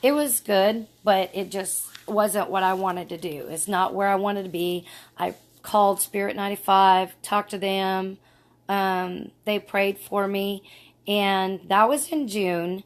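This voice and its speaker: A woman's voice: mid-range voice, fairly even intonation, a little slow. Middle-aged woman, earnest rambling storyteller, casual vlog. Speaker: vlogger.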